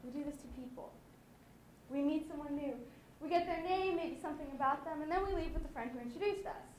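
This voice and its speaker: High-voiced teen girl giving a talk. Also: quick pace, a little hiss or hum. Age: late teens. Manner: lively, chatty and laughing. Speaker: student speaker. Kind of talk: youth conference talk. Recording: echoey hall.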